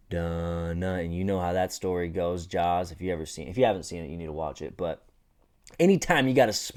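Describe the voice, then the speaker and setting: Foul-mouthed animated sports vlogger man. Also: deep voice. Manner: animated, profane, joking. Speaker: host. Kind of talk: casual sports commentary.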